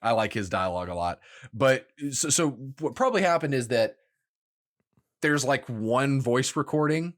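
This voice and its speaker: Dude on a gaming podcast, dry teasing tone, explains stuff, average pitch. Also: male voice, animated, normal speed. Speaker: podcast co-host. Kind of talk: casual gaming podcast chat.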